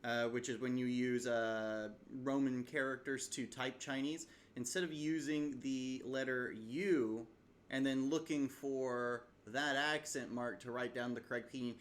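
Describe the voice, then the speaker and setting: A man's voice: medium pitch, measured pace. A man casually walking through a self-taught language study routine, rambling a little with frequent fillers and sounding out tones as examples. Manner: relaxed, rambling, many uh fillers, demonstrates tones aloud. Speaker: language learner vlogger. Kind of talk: casual screen-share tutorial. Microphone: webcam setup.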